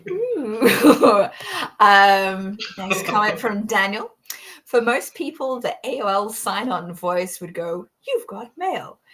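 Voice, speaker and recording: A woman's voice: medium pitch, lively intonation, takes it slowly, sharp tone. An American woman in her thirties hosting a casual chat, giggly and rambling, often self-conscious. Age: 30s. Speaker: podcast host.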